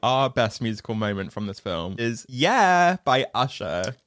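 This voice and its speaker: Podcast co-host, very animated delivery that leaps up and down in pitch, dead-dry sound. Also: a little slow, no room sound. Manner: animated, enthusiastic, acts out scenes. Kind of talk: casual chat about a film.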